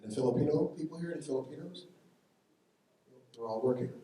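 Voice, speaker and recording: A man's voice: fairly high pitch, quick pace, mellow. Irreverent stand-up man in echoey hall. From United States. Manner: storytelling, punchy, irreverent. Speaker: stand-up comedian. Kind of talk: stand-up comedy set. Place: live benefit show venue, indoors. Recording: echoey hall from far off, faint noise.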